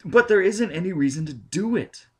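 A man's voice: medium pitch, animated, normal speed, voice pushed up, close to an everyday voice. A man voicing an irritable, anxious male psychologist who speaks in an urgent, edgy way. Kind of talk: audiobook reading.

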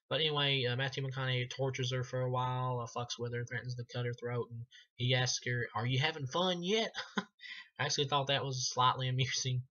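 A man's voice: mid-range voice, sharp tone, muffled recording. A man giving a casual, profane movie review, sarcastic and laughing often as he retells the plot.

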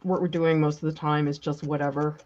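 A woman's voice: low voice, flat delivery, brisk, a little mellow, muffled recording. A woman art teacher chatting casually and playfully during an art demo, teasing her co-host.

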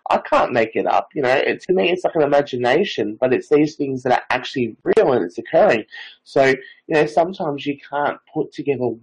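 A man's voice: mid-range voice, lively intonation, fairly quick, slightly rough, rough recording. A nineteen-year-old man, a psychic medium and Reiki master, telling stories in a casual, rambling interview full of filler phrases.

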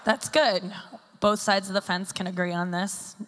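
Bright-voiced woman doing stand-up in a hall. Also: medium pitch, fairly even intonation, normal speed. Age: 30s. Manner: rambling and self-deprecating, full of filler "like"s. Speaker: stand-up comedian. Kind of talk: live stand-up set. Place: stage at a live summit event. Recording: echoey hall with long reverb.

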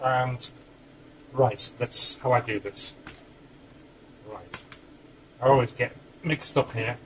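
A man's voice: mid-range voice, steady tone, slow, a little hiss or hum, rough recording. A man cooking in his home kitchen, talking casually through the steps with chatty asides, a little out of breath. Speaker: home cook.

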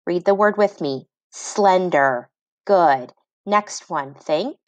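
Teaching phonics to kids, a woman sounds out each word slowly, one syllable at a time, and praises each try. Her voice is on the low side, and there's no echo.

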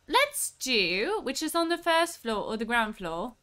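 Excitable high-pitched woman streamer. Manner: excitable, animated, quick reactions. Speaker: streamer host. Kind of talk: casual gameplay chat.

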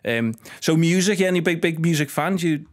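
A man's voice: on the high side, animated, brisk. A man hosting a casual podcast interview, asking questions in an easygoing way and often stumbling over his words. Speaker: podcast host.

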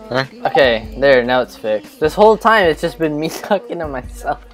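A man's voice: on the high side, sing-song, moderate pace, faint music behind. A man streaming a game live, chatting and joking crudely with friends on voice chat. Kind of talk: casual gaming banter on live stream.

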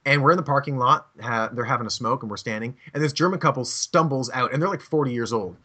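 A man's voice: mid-range voice, fast talker, bright, forceful tone, breathy edge. A man hosting a comedy podcast, telling a rambling, profane story and laughing often. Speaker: podcast host.

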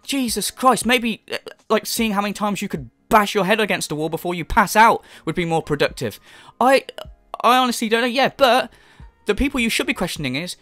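Sarcastic man ranting, lively pitch. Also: a little fast, no echo, faint music behind. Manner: sarcastic, profane, exasperated. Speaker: commentary YouTuber. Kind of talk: ranting reaction commentary.

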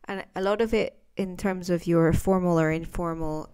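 A woman teaching English phrases in a chatty podcast lesson, acting out sample lines with lively intonation. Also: on the low side, normal speed, clear, resonant tone.

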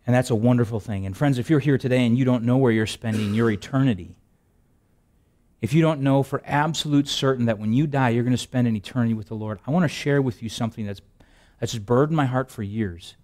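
A middle-aged male pastor preaching a sermon, telling stories with lots of restarts and repeated words. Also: quick pace. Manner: animated storytelling, jumps high for quoted asides.

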